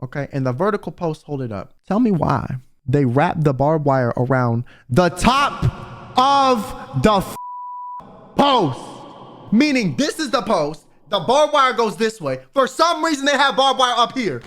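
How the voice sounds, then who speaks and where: A young man telling a wild story to his viewers in a casual, exasperated, animated way. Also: high-pitched, normal speed. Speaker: vtuber storyteller.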